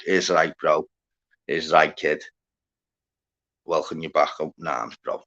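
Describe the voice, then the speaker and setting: A man's voice: rumbling low, flat delivery, slow pace, long pauses, a bit bright, highs cut off. A man hosting a livestream, chatting casually and rambling to his viewers, full of slang and swearing as he greets people in the chat. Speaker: livestream host.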